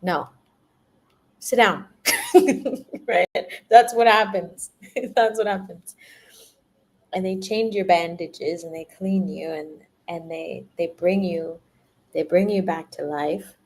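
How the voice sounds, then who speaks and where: Slow, low-voiced spiritual woman who laughs a lot. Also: darkish tone. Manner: laughs often, repeats words, acts out little quoted voices. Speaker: spiritual energy reader. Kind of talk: spiritual livestream talk.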